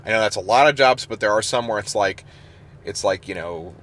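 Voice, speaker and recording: Fairly low in pitch and fairly bright, a man talks at a fairly quick clip while co-hosting a podcast. He chats casually and rambles, laughing often and using many fillers.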